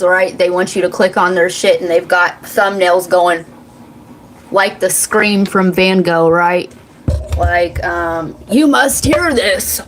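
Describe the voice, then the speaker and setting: A woman's voice: on the low side, slight background noise, poor audio. A woman in her forties hosting a psychic reading channel, talking in a blunt, profane, rambling way and laughing often. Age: 40s.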